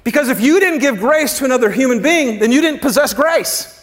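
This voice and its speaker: A man with a notably high speaking voice preaches to his congregation in a loose, chatty way. He asks them questions and drops into casual slang. At times he falls to a near-hush to drive a point home. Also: animated, a little fast. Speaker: pastor. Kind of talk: sermon.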